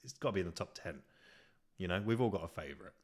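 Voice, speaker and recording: A man's voice: sits low, animated, fast talker. A young man hosting a podcast, telling a comically petty story in a profane, ranting way. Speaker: podcast host. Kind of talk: casual storytelling monologue.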